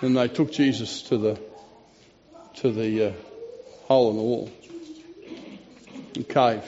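Earnest preacher man, warm lo-fi sound. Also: medium pitch, steady tone. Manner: earnest, storytelling, pauses and restarts. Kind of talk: sermon. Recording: dull lo-fi recording.

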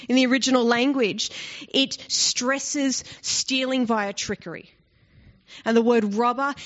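A woman teaching a Bible passage in an explanatory, conversational way, often asking the listeners rhetorical questions. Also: fairly high pitch. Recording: dull lo-fi recording.

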